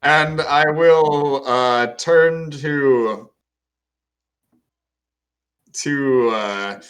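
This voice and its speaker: A man playing in a tabletop game, describing his character's actions haltingly, with frequent pauses for words. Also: on the high side, a bit bright, smooth. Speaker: player. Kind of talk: casual tabletop play.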